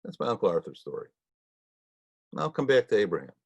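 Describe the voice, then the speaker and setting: A man leading a Torah study, telling stories in a folksy, conversational way with frequent pauses. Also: fairly low pitch, sing-song, creaky, a little mellow, husky, dry recording, muffled recording. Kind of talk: storytelling talk.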